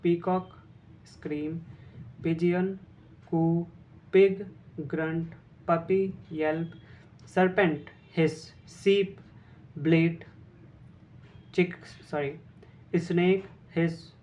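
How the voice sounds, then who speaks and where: A man with an Indian English accent, teaching vocabulary in a casual video lesson and reading word lists quickly. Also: a little high, steady tone, darkish tone, poor audio. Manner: reads word lists rapidly, English word then Hindi meaning.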